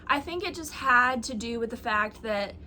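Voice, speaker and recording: A woman's voice: fairly high pitch, animated, moderate pace, sharp tone, a little hiss or hum. A young woman talking casually on camera about her reading, chatty and self-mocking, with plenty of likes and ums. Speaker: booktuber. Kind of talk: casual chat.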